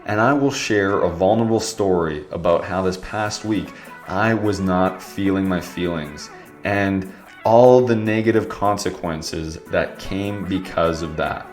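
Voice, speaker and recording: Deep-voiced man with a stuffy nose. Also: measured pace, reverberant, faint music behind. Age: young adult. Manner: earnest, open and reflective. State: congested, nasal from allergies. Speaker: podcast host. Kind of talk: solo podcast talk.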